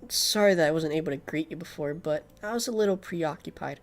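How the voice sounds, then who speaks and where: A man's voice: fairly high pitch, a little fast, close to an everyday voice. A man voicing a friendly, girly young woman. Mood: breezy.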